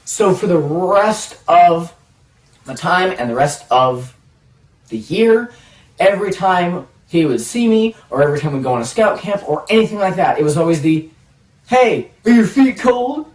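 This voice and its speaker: A man telling a self-mocking personal story in a casual, animated way, acting out the dialogue. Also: a little high, normal speed. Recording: roomy echo, distant mic.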